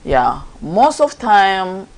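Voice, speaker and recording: A woman's voice: medium pitch, very animated, very slow, vocal fry, a little mellow, poor audio. A woman co-hosting a faith-based wellness show, giving casual advice to wives and couples and acting out little quoted scenes. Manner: speaks directly to wives and couples.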